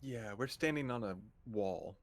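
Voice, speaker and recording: A man's voice: mid-range voice, measured pace, dry recording. A man playing a tabletop game, earnestly explaining his reasoning. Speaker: player.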